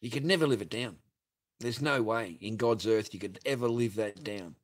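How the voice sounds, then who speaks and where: A man's voice: lowish voice, moderate pace. Profane man ranting on a livestream. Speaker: livestream host reading superchats. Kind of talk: crude casual livestream rant.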